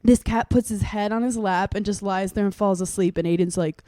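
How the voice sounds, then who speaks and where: A young woman co-hosting a podcast, telling a story in a casual, animated way and acting out the voices of other people. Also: medium pitch, a little fast, dry recording. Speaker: podcast co-host.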